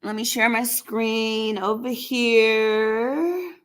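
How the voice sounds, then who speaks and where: A woman hosting a live stream in a casual, chatty way. She keeps talking to her viewers as y'all and breaks into excited shouts and laughs. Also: a little high, extremely slow. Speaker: livestream host running a giveaway. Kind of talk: casual livestream chat with viewers. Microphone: computer mic on a live stream.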